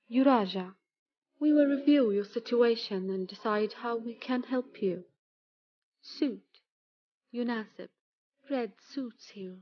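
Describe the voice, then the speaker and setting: A woman teaching vocabulary, reading single words and example sentences in a slow, measured way. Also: a little high, no echo, lo-fi sound. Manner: slow, measured reading, one word at a time.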